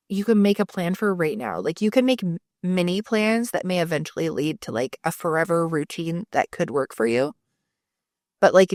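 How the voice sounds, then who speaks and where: A woman's voice: on the low side, dry recording, studio quality. Chatty, swearing woman podcast co-host. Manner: chatty, swears freely, acts out quoted dialogue. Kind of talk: casual chat.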